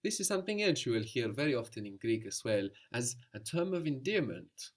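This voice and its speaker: A man's voice: mid-range voice, very animated, a little fast, few pauses. A man teaching a language lesson, patiently explaining and prompting his student.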